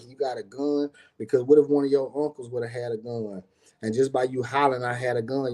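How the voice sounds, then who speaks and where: A man recounting a tense confrontation in loose, casual storytelling. His voice is mellow and dark, with a middle pitch. He acts out what others shouted and peppers his talk with fillers and swearing. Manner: animated, acts out quotes, frequent fillers and profanity.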